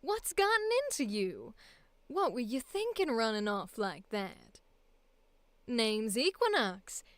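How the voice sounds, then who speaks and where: A woman voicing a brave, loyal young southern adult for an audition, with a slight roughness in tone. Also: fairly high pitch, big pitch swings, slow, a bit bright, no echo, exaggerated voice. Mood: scolding. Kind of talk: voice acting audition take.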